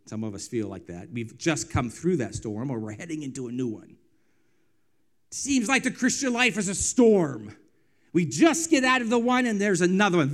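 A pastor with a mid-range voice preaches a sermon, swinging between loud, emphatic lines and quiet, hushed ones, drawing out phrases and returning to repeated refrains.

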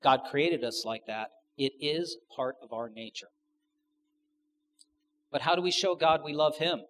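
A man's voice: mid-range voice, fairly bright tone, slight background noise. A man preaching a sermon to his congregation, conversational, asking the audience questions and adding joking asides. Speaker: pastor.

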